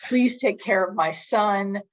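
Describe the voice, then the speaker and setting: A woman's voice: mid-range voice, slow pace, rough recording. A woman who works as a hospice nurse, telling stories in a casual, chatty way, filled with "like" and "you know.". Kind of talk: casual storytelling.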